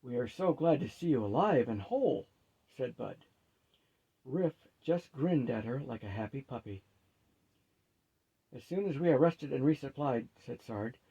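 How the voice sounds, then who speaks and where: Storyteller: male, gravelly and husky, dark mellow tone, dull lo-fi sound. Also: medium pitch, animated, normal speed. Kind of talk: reading a fantasy novel aloud.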